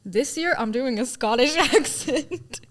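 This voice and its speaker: A young woman chatting as an interview guest about her stage roles, bubbly and quick to laugh as she tells her stories. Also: high-pitched, animated. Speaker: guest, student actor. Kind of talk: casual interview chat.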